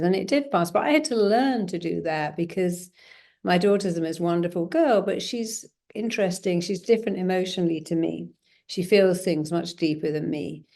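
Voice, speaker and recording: A middle-aged woman speaks as a guest in an interview. Her voice is low and gravelly. She acts out bits of dialogue with lively jumps in pitch. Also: moderate pace. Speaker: guest therapist. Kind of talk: conversational interview.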